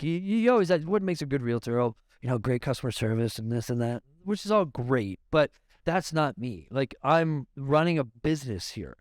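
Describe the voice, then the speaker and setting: A man from Canada telling stories as a guest in a podcast interview, animated and swearing often, with laughs. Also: medium pitch, smooth, dry recording, studio quality. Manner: animated, profane, laughing storyteller. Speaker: realtor guest. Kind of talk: casual podcast storytelling. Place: podcast studio.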